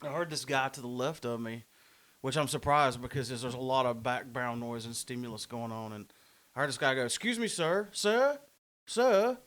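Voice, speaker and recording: A man's voice: medium pitch, steady tone, fairly quick, a bit bright. A man hosting a podcast in casual chat, telling a story with laughs and self-mocking humor. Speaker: podcast host.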